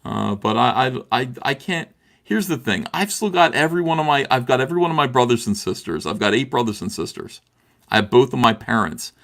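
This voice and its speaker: The middle-aged man on this video call is an expressive livestream guest with a mid-range, fairly bright voice and a fairly quick pace. His heated, impassioned talk keeps circling back, restarting again and again with plenty of "uh"s.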